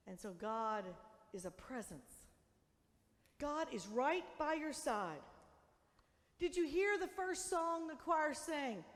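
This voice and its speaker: A woman pastor preaching a sermon, swinging between loud emphatic declarations and soft, hushed lines. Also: high voice, very animated, slow pace, pauses often. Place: church sanctuary. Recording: long church reverb.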